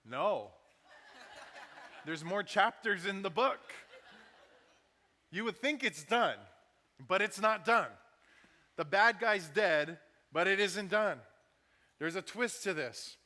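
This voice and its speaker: A man's voice: high voice, expressive, slow, pauses often, pushed and bright. A man preaching a sermon as pastor, talking conversationally and acting out what people said. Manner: conversational preaching with acted-out quotes. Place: church sanctuary. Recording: church hall reverb.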